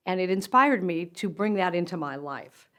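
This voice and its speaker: A woman's voice: lowish voice, animated, normal speed, fairly bright tone. An older woman, a motivational speaker, telling a personal story straight to camera in an earnest, conversational way.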